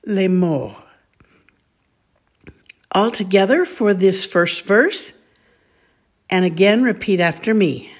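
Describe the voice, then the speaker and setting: A woman teaching a call-and-response recitation lesson, saying each word deliberately so listeners can repeat after her. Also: medium pitch. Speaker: Bible Hebrew teacher.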